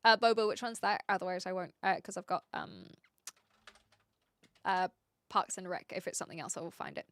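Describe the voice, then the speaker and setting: A woman's voice: fairly low pitch, lively intonation, a little fast, pauses often, no echo. A woman from New Zealand with a posh-leaning Kiwi accent, chatting playfully and laughing with her live-stream chat. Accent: New Zealand, mixed and posh-leaning. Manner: playful, giggly, self-mocking.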